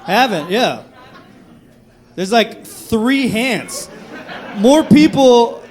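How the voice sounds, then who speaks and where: A man's voice: very high voice, animated, extremely slow, a little mellow, some chatter behind. A young man doing a profane, conversational stand-up set on a comedy club stage into a handheld mic. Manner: profane, conversational, acts out drunk voices.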